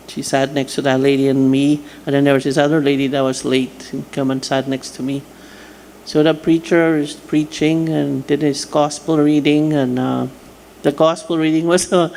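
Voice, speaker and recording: 反響する会場で笑い話をする男性. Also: male voice, fairly high pitch, creaky. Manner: animated storyteller, laughing, acting out quotes. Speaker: workshop participant. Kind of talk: telling a funny personal story. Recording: echoey hall with faint noise.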